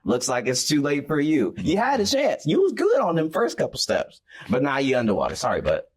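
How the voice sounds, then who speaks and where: A man's voice: fairly high pitch, huge pitch swings, a little fast, husky, exaggerated voice. A man voicing a mocking figure who sarcastically brushes off someone who failed. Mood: sarcastic. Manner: sarcastic, dismissive.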